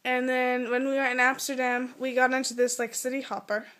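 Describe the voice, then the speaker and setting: A young American woman telling a funny travel story in a casual vlog, animated and giggly, full of "like". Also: high-pitched, fairly quick. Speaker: vlogger.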